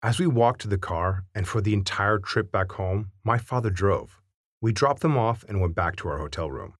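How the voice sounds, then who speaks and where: A man reading a family anecdote aloud with wry, animated storytelling. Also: on the low side, moderate pace, no echo, studio quality.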